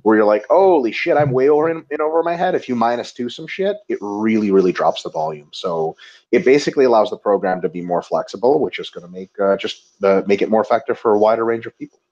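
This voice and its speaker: A man co-hosting a casual webinar, joking and swearing as he tells animated stories. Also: on the low side, quick pace. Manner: profane, joking, animated storytelling. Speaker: webinar co-host. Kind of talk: casual chat. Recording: dull lo-fi audio.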